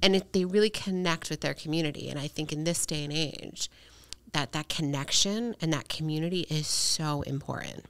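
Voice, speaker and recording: A woman's voice: sits low, normal speed, a bit bright, clear, resonant tone, no room sound. A woman hosting a podcast, talking earnestly and chattily, often tagging her points with "right?". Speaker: podcast host. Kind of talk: casual conversational interview.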